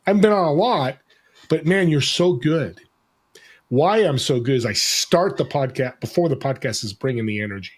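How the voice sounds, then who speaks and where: A man, a podcast guest, talking in an energetic, animated way and acting out bits of dialogue. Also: on the high side, moderate pace. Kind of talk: casual conversation.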